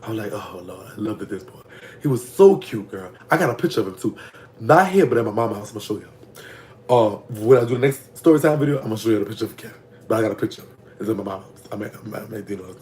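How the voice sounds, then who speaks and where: A man's voice: lowish voice, expressive, racing, a little mellow, a little hiss or hum. A man with a Louisiana Southern accent telling a prison story in casual, gossipy storytime talk, his voice leaping up when he reacts to comments. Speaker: vlogger telling prison stories.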